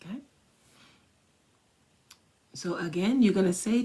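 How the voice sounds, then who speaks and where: A woman wellness coach leading a manifestation exercise, soft and measured, repeating each phrase and stressing key words. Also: medium pitch, slightly rough. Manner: soft and measured, dipping into whispers. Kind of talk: guided manifestation instruction.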